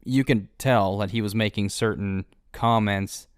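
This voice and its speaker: A man's voice: on the low side, steady tone, unhurried, smooth, no room sound, studio quality. A man co-hosting a casual podcast, talking through a movie in a laid-back way with fillers and laughs. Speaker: podcast co-host.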